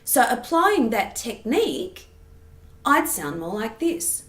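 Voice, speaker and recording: A woman singing teacher explaining vocal technique patiently and clearly, often checking in with the listener. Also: on the high side, very animated, a little slow, fairly bright tone. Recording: roomy echo.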